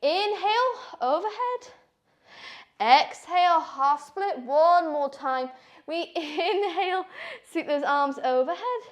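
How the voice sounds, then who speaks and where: A woman's voice: very high-pitched, lively intonation, takes it slowly. A woman leading a power yoga class, calling out breaths and poses with encouraging cues while out of breath from doing the flow herself. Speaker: yoga instructor. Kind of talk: guided yoga class instruction.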